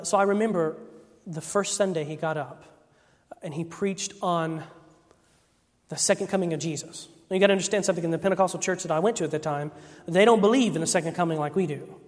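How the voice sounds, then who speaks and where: Man preaching in a reverberant hall. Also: high voice. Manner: animated storyteller, acts out quoted voices. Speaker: preacher giving testimony. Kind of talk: sermon testimony storytelling.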